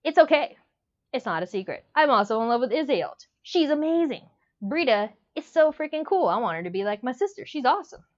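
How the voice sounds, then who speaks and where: A woman's voice: high-pitched, very animated, brisk. A woman reviewing a book in a casual vlog, gushing and rambling with emotion. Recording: dull lo-fi sound.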